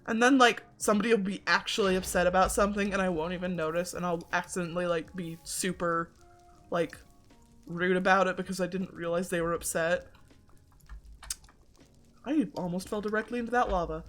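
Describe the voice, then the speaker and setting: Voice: mid-range voice, steady tone, fairly quick, a bit bright, faint music behind. A game streamer in casual chat while playing, rambling with lots of filler words and a self-deprecating tone, on a desk mic at home. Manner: rambling, many filler likes.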